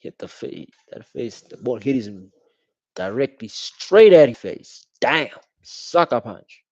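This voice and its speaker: A young man giving casual, slangy live reaction commentary while watching a football match, calling out the referee loudly. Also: mid-range voice, very animated, takes it slowly, dry recording. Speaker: football watch-along streamer. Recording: dull, dry home stream audio.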